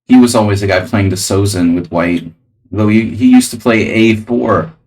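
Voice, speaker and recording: A man's voice: on the low side, normal speed, a little mellow, distant mic, low-quality recording. A man streaming chess, thinking aloud over his moves with dry, jokey asides. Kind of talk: live-stream chess commentary.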